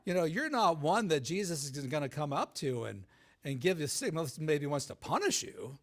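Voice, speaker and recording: Male guest speaker at a live event, animated and gravelly, keeps checking in with the crowd. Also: a little high, moderate pace. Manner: animated, many restarts, asks "right?" often. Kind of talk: live talk with audience.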